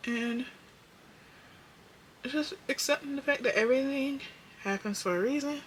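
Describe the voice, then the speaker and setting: A young woman doing her makeup while chatting to her viewers, candid and profane, slipping from muttered whispers into loud bursts. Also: sits high, normal speed, slight background noise. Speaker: beauty vlogger.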